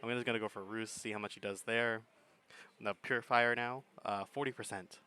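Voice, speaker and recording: A man's voice: fairly low pitch, steady tone, a little fast, heavy background noise. A man giving laid-back, chuckling commentary on a game battle, thinking his plays through aloud. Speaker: gaming commentator.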